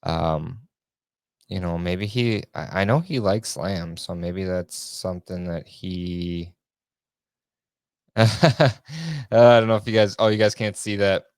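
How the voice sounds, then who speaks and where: Low-voiced man hosting a casual podcast. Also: slow, clean tone, no room sound, clean studio sound. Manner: rambling, self-correcting, chatty. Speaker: podcast host. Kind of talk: casual solo podcast chat.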